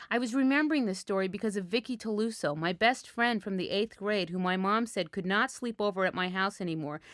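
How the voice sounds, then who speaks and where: A woman telling a first-person story in a frank, wry, deadpan way. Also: medium pitch, no room sound, clean studio sound.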